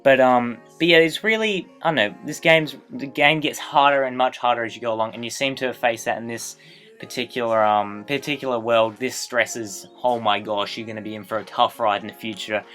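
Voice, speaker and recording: A man giving casual, rambling gameplay commentary as a let's play host, excitable and prone to tangents. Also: mid-range voice, brisk, soft background music.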